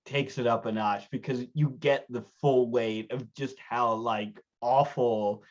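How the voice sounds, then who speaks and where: A man hosting a reading series, reacting to a reading in excitable, gushing casual chat and laughing easily. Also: medium pitch, unhurried, lo-fi sound.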